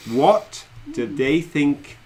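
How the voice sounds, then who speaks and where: A man's voice: fairly high pitch, animated, extremely slow, darkish tone. A man co-hosting a casual live stream, rambling and chatty, laughing often as he talks. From England.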